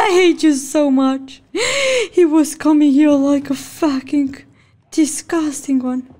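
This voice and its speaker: A woman giving gameplay commentary, jumpy and swearing, gasping and yelling at the game as she plays. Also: sits high, slow pace, very noisy. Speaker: gaming channel host. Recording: game sounds loud behind voice.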